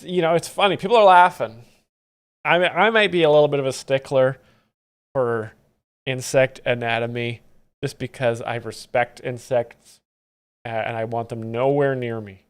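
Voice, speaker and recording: A man hosting a live stream, explaining comedy clips in a mock-pedantic, deadpan way. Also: mid-range voice, unhurried, long pauses, smooth. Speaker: comedy commentator host.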